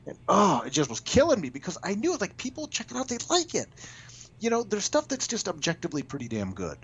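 A man's voice: high-pitched, huge pitch swings, brisk, slight background noise. A man, a comic book writer, telling stories in a casual interview, talking animatedly with frequent restarts and stammered repeats. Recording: dull lo-fi audio.

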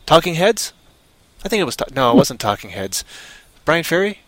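A man's voice: on the high side, sing-song, moderate pace, fairly bright tone, no echo. A man hosting a casual live show, talking in a hyper, playful way full of wordplay. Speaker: show host.

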